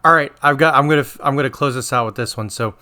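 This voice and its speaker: A middle-aged man, a podcast co-host and former nurse, telling a work story in casual chat, rambling with restarts and animated quoting. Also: medium pitch, quick pace.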